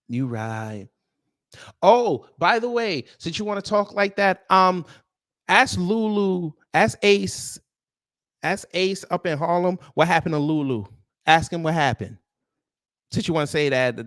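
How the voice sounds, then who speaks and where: A man's voice: on the high side, fairly bright tone, no echo, clean studio sound. A man hosting a live-stream commentary show, answering his chat in a sarcastic, mocking and confrontational way. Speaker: host of a news commentary livestream.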